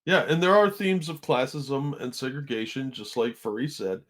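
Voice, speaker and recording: A man co-hosting a casual stream chat, explaining his views in a steady, opinionated way. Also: medium pitch, normal speed.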